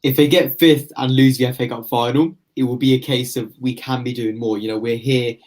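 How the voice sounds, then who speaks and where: A man's voice: mid-range voice, steady tone, brisk, a little mellow. A man giving long, opinionated analysis on a casual football podcast. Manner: long flowing opinionated explanations.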